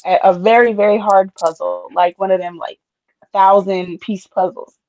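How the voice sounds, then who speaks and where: A woman's voice: medium pitch, steady tone, normal speed, a little mellow, no room sound, muffled recording. A woman co-hosting a casual podcast chat, chatty and playful, laughing often. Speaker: podcast co-host.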